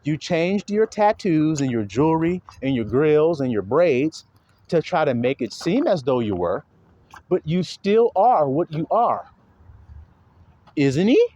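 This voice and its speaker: A man's voice: on the high side, sing-song, measured pace, mellow, highs cut off. A man preaching in a casual, blunt monologue, emphatic and profane, often mimicking other people's voices.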